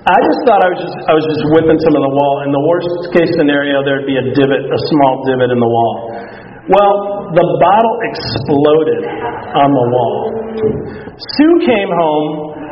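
A man's voice: on the high side, expressive, moderate pace, slight background noise. A middle-aged man preaching a sermon, telling candid, self-mocking stories about his own temper. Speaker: pastor. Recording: echoey hall from far off, dull.

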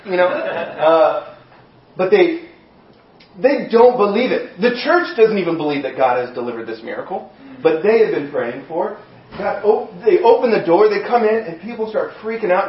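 A man preaching a sermon as pastor, telling the story with lively acted-out voices. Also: high voice, normal speed. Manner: animated storytelling, acting out voices. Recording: echoey room, dull sound.

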